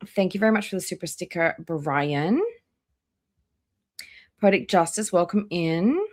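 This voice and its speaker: A woman with a somewhat low voice chats casually on a live stream. She greets viewers by name one after another, drawing out her welcomes and letting her voice trail off quieter at the ends of lines. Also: measured pace. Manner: chatty, reads out viewer names one by one. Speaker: live-stream reaction host.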